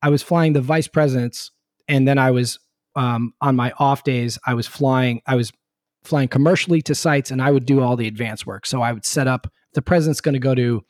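A middle-aged man from Connecticut, a podcast guest and former helicopter pilot, telling stories in a casual, animated way with frequent laughs and restarts. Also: mid-range voice, fairly quick, dry recording, studio quality. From Connecticut, USA. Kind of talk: casual storytelling chat.

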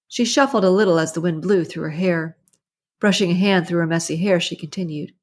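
A woman narrating an audiobook in a steady, even storytelling manner. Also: on the low side, a little fast, husky. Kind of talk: scripted narration.

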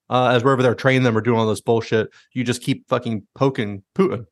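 A man's voice: medium pitch, quick pace, hardly any pauses, dry recording, studio quality. A man hosting a podcast, rambling through strong opinions in a casual, profane way. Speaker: podcast host.

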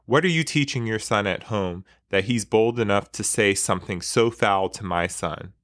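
A man's voice: normal speed, fairly bright tone, dry recording, clean studio sound, natural voice. A man reading aloud the lines of a fierce, protective young mother from a book, in his own voice. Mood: angry. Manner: reads her lines in his own low voice.

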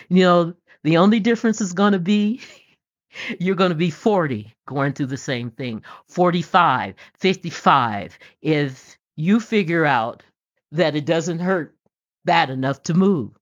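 A middle-aged woman hosting a podcast, telling homespun stories and jokes in a casual, folksy way and laughing often. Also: low voice. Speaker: podcast host. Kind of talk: casual storytelling monologue. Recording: dull lo-fi recording.

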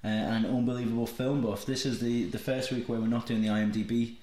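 Man, podcast host, jokey banter, frequent laughs, mid pitch, echoey room. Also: fairly even intonation, quick pace, mellow. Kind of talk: casual comedic chat. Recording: roomy echo.

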